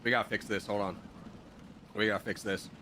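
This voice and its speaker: A man's voice: fairly low pitch, fairly even intonation, brisk, bright, forceful tone, slight background noise. A man casually commenting on his own gameplay while live streaming, muttering to himself as he builds and answering chat.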